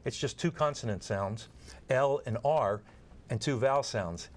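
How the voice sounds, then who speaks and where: A man's voice: medium pitch, a little slow. A man being interviewed as an expert guest, explaining earnestly through examples and often repeating words as he restarts. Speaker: guest expert on nurse communication training.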